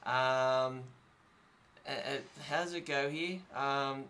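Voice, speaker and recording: A man's voice: mid-range voice, fairly even intonation, slow, pushed and bright, a little hiss or hum. A man hosting a casual podcast chat, full of ums and dry sarcasm. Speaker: podcast host.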